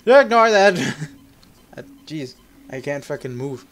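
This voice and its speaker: A man's voice: lively intonation, a little slow, fairly bright tone, slight background noise. A young man giving casual, profane gameplay commentary, joking and laughing as he plays. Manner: jokey and profane, laughing often, yelping in high squeaks when startled. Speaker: let's play gamer.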